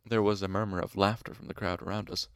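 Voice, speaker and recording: A man reading a novel aloud in first person, with wry, measured storytelling. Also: sits low, flat delivery, clear, resonant tone, no room sound, studio quality. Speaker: audiobook reader.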